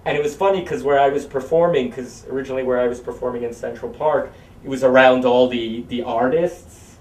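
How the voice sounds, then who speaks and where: A man's voice: mid-range voice, fairly even intonation, fairly quick, reverberant, distant mic. A man puppeteer in an interview, rambling through stories and acting out voices as he tells them. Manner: rambling, acts out voices in anecdotes.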